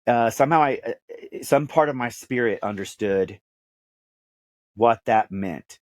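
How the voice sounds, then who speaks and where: A man's voice: mid-range voice, unhurried, no room sound. A man in his fifties with a Texan accent, a podcast host being interviewed, telling his life story in an earnest, emphatic way with repeated phrases. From Dallas, Texas. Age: 50s. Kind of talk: candid personal storytelling.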